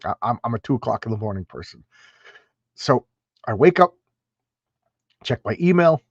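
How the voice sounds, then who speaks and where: Male streamer, mid pitch, chatty and emphatic with many restarts, slightly dull, dry home audio. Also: expressive, normal speed, breathy edge, no room sound. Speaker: comic book channel host. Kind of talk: casual livestream comic review. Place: home room with stacks of comics.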